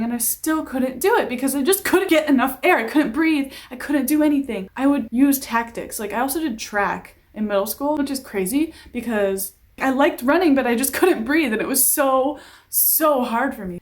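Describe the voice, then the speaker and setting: A young woman with a slightly high voice rants casually to her camera. She rambles and jokes at her own expense, breaking off for asides and sighs as she goes. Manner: chatty, self-deprecating, rambling with asides and sighs. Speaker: vlogger.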